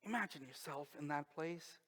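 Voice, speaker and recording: A male pastor preaching a sermon, slow and emphatic, with dramatic pauses and quiet drops. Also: on the high side, slightly rough. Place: church sanctuary. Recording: long reverb of a church hall.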